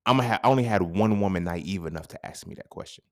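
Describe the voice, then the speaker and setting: A man in his thirties hosting a podcast, talking in a casual, profane monologue that swings into sudden loud outbursts. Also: low voice, fast. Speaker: podcast host.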